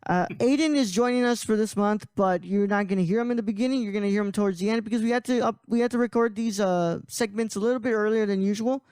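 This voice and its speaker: A man's voice: high-pitched, quick pace, hardly any pauses, darkish tone, smooth, no room sound. A man hosting a casual podcast, rambling with frequent laughs and restarts. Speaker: podcast host.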